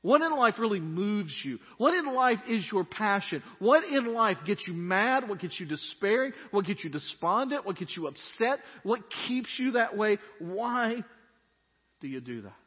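Animated man preaching in an echoing hall. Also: high voice, normal speed, husky. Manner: animated, voicing Jonah's complaints dramatically. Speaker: pastor. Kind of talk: sermon. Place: church hall. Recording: dull lo-fi sound with long hall reverb.

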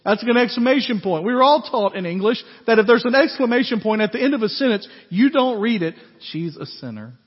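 A man preaching a sermon as pastor in a conversational, animated way, with frequent asides to his congregation. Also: extremely high pitch, quick pace, hardly any pauses, slightly rough. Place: church sanctuary. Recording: echoey hall, dull lo-fi sound.

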